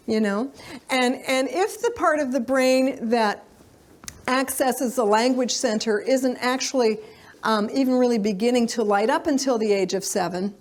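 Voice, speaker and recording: A middle-aged woman giving a live parenting lecture to an audience, speaking conversationally with frequent fillers and sometimes acting out what children say. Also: a little high.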